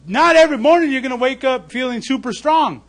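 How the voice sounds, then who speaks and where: A man's voice: extremely high pitch, fast. A man preaching a sermon in a conversational way, often checking in with "okay?" and "right?" and acting out mocking voices. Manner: acts out mocking voices loudly. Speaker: pastor. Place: church service.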